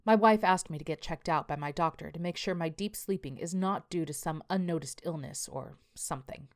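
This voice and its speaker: A man's voice: a little high, a little fast, close to an everyday voice. A woman voicing a tired male landscaper, telling his story in a plainspoken, confessional way. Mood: rueful. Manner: confessional, plainspoken first-person account. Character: weary male landscaper writing a journal.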